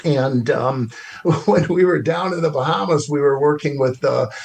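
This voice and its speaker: Older man, gravelly voice, slightly high pitch, lively storytelling. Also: normal speed. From Chicago. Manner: animated, expressive storyteller. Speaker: TV producer and writer, guest. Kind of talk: storytelling interview.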